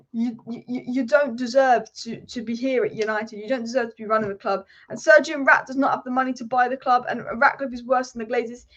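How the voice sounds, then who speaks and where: A woman hosting a live football talk stream, talking passionately and fast in a ranting way. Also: sits high, muffled recording. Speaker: football channel host.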